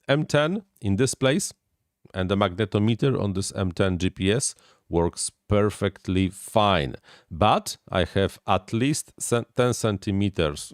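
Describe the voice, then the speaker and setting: A man who is not a native English speaker, hosting a casual live stream and answering viewer questions with halting technical explanations. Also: on the low side, no echo, clean studio sound.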